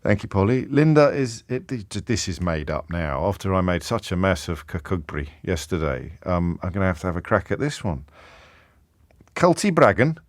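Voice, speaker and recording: A man's voice: low voice, big pitch swings, no echo, clean studio sound. Chatty man hosting a radio phone-in. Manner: playful, chatty, quick to laugh. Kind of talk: live radio phone-in chat. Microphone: studio microphone.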